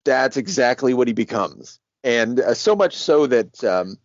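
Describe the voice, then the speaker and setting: Animated man chatting about comics. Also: medium pitch, a little slow, no room sound. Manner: animated, laughing, swears freely. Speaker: podcast co-host. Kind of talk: casual comic book discussion. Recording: dry, dull lo-fi sound.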